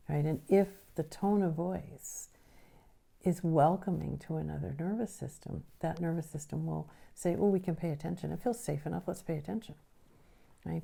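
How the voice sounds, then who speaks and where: A woman teaching a recorded lesson on the nervous system, explaining patiently and often checking in with a quick question. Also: deep voice, vocal fry, warm tone.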